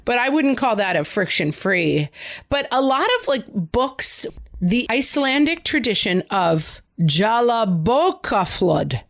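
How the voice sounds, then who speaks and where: A woman's voice: a little high, sing-song. Chatty woman podcast co-host. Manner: chatty, jokey, quick asides. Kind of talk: casual chat.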